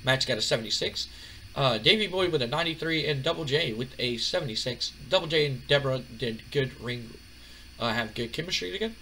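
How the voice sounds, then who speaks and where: A man's voice: mid-range voice, brisk, slight background noise. A man casually commentating his wrestling management game, rambling with lots of fillers. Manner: relaxed, rambling, many fillers. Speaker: gaming channel host. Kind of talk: casual let's-play commentary.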